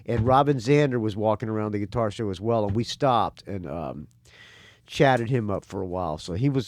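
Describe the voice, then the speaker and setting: A man's voice: on the low side, a little mellow, no room sound. Dry-sounding podcast host man. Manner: eager, chiming in with quick reactions. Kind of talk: casual podcast chat.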